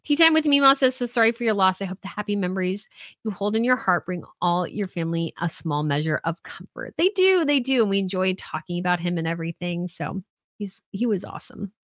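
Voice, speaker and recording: A woman's voice: mid-range voice, brisk, fairly bright tone, no room sound, lo-fi sound. Chatty woman host reading chat. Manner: chatty, rambling, reads viewer comments aloud. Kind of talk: casual livestream chat.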